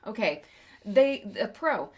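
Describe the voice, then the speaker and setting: A woman's voice: medium pitch, big pitch swings, slow, darkish tone. Opinionated woman ranting about movies. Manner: opinionated, ranting, swears freely. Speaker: podcast co-host. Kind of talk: casual movie review chat.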